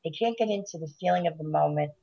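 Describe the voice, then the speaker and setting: A woman's voice: low-pitched, quick pace, warm tone. Agreeable woman, slightly dull recording. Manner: agreeable, chimes in eagerly. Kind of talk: casual chat.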